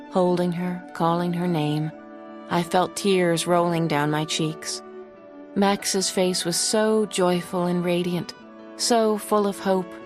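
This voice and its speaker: A woman reading a novel aloud in the first person, emotive, slowing and hushing for tense moments. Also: on the low side. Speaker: audiobook narrator.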